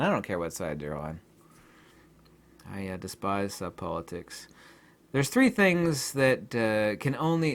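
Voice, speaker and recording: A man hosting his own channel, talking in a rambling casual monologue, often laughing and acting out imagined exchanges. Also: medium pitch. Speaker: YouTube channel host.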